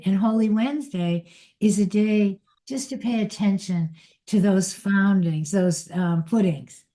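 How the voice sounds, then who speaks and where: An older woman giving an inspirational spiritual talk in a gentle, unhurried and reflective way. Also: medium pitch. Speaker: spiritual teacher.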